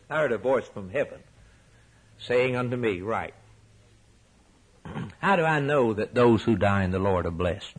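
A male preacher delivering a sermon with rhetorical repetition, rising to soaring emphatic peaks and dropping to hushed low lines. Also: breathy edge, rough recording.

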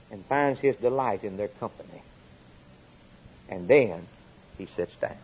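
A man's voice: medium pitch, darkish tone, husky, rough recording. A man preaching a sermon, repeating phrases in an emphatic cadence that swells and drops. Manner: repetitive emphatic preaching cadence, rising and falling.

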